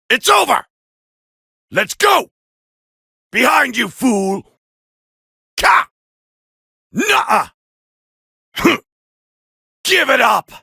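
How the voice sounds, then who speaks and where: An actor playing an arrogant, proud alien warrior prince, barking boastful taunts and battle cries in gravelly video game voice clips. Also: male voice, very high voice, pushed and bright, no room sound, clean studio sound, exaggerated voice. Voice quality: gravelly, raspy. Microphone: close studio mic, dry.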